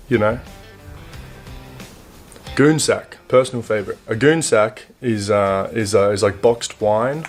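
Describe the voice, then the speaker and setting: Australian man, young, low voice, relaxed and dry-humored, halting delivery, faint guitar music behind. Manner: laid-back, dry humor, halting with fillers. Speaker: interviewee explaining slang. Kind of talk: casual explanatory talk.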